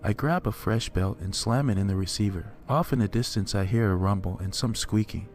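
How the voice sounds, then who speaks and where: A man narrating a horror story in a steady, measured first-person telling. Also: lowish voice.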